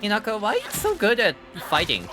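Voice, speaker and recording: A man's voice: high voice, wildly swooping pitch, fairly quick, music in the background. A man streaming a horror game live, joking with chat and reacting aloud as he plays. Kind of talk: live gameplay commentary.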